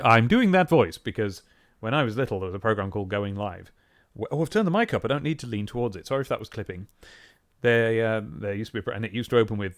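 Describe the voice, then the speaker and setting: Man, 30s, game streamer, animated and chatty. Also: mid-range voice. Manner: rambling, self-interrupting, chatty. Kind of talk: casual live-stream chat.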